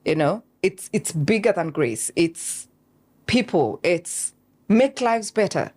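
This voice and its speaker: A woman, a guest telling how she founded her show, in animated storytelling full of fillers and quoted asides. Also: on the low side, slow pace. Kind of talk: conversational interview.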